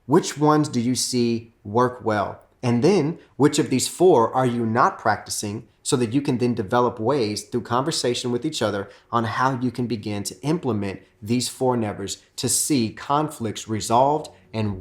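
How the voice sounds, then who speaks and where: A middle-aged man teaching on marriage, earnest and plainspoken. His voice sits at an ordinary mid pitch. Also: moderate pace, hardly any pauses. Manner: earnest, acts out quoted arguments with rising pitch.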